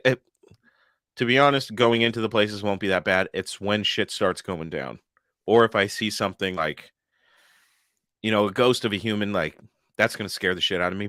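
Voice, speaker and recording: A man's voice: lowish voice, pushed and bright, no room sound, studio quality. A young man co-hosting a paranormal podcast in a loose, joking chat, laughing often and swearing freely. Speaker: podcast co-host. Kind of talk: casual chat.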